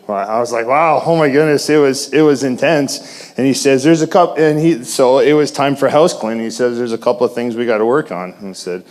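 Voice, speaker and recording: A man giving a personal testimony in church, shy and halting, with many restarts and fillers. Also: medium pitch, darkish tone. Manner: self-described shy. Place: church in front of congregation.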